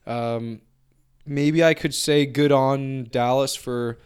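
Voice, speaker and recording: Dude giving blunt hockey takes, smooth clear voice, swears a bit. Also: male voice, mid-range voice, fairly even intonation, takes it slowly, darkish tone. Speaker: podcast co-host. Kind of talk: casual sports chat.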